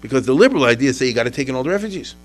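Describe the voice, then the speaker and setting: A man giving a classroom history lecture in an animated, rambling way, talking straight to his students with asides and questions. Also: mid-range voice, rapid-fire, rough recording.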